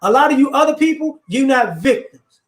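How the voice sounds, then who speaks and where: A man's voice: extremely high pitch, expressive, moderate pace. A man hosting a live stream, giving blunt, confrontational social commentary off the cuff, rambling and repeating words as he builds each point. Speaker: livestream host. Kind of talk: unscripted social commentary rant. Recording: roomy echo.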